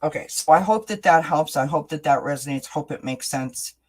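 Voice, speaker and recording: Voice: mid-range voice, brisk, a little mellow, a little hiss or hum. A tarot reader hosting a live reading, talking casually and often checking in with "right?" while repeating words and restarting sentences. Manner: chatty, keeps asking "right?". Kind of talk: livestream tarot reading chat.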